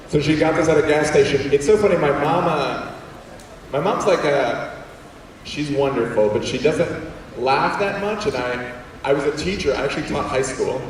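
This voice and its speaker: A young adult man telling funny stories as a guest speaker in a large school auditorium, animated and acting out quotes in voices. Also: a little high, normal speed, slight background noise. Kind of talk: comedic storytelling talk. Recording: echoey hall, distant mic.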